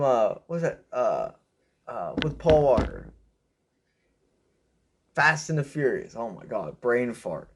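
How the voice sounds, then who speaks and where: A young man rambling through a personal story with lots of fillers, raising his pitch when he quotes people. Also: very animated, takes it slowly, long pauses, slightly rough. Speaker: vlogger telling a story. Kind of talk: casual storytelling.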